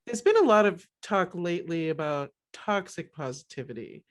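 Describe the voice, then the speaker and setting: A woman's voice: lowish voice, lively intonation, normal speed. A woman co-hosting a talk show, chatting casually, laughing easily, using many fillers and agreeing often. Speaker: co-host. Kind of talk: casual chat.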